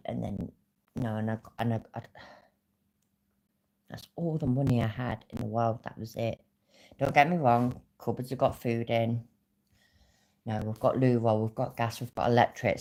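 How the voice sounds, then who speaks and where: Woman, very low pitch, angry swearing rant, livestream host. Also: darkish tone.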